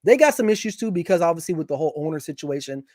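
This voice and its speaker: Opinionated high-voiced man talking sports. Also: racing, no echo, clean studio sound. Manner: opinionated, animated, with many restarts. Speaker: guest sports commentator. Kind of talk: casual sports chat.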